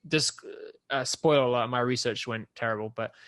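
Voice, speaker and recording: A man's voice: mid-range voice, a little fast. A young man co-hosting a podcast, telling stories in casual chat with plenty of swearing. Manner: animated storyteller, swears casually. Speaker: podcast co-host.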